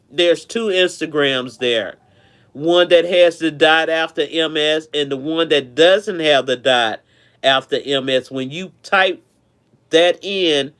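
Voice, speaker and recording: A man with a fairly high, smooth and clear voice hosts a relaxed live stream. He chats warmly with his viewers and tends to repeat himself as he goes. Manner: chatty, affectionate, repeats himself.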